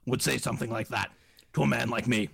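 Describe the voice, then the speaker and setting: A man doing an impression of a paranoid middle-aged conspiracy radio host, preaching in a grave, drawn-out folksy way. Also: mid-range voice, steady tone, creaky, a bit bright, husky, full character voice. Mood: paranoid ranting.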